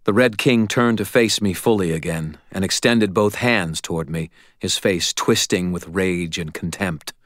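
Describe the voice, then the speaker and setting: A man narrating a first-person audiobook in a steady, dramatic way, recorded close on a studio mic. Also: sits low, dry recording.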